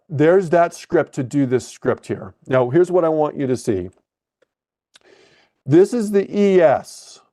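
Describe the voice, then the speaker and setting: As he clicks around trading software, a man leads a live webcast lesson, reasoning out loud and correcting himself along the way. His pitch is medium.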